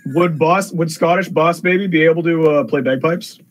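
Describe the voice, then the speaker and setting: A young man with a somewhat high, husky voice trades deadpan jokes in a loose podcast chat. His tone stays casual and offhand. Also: normal speed.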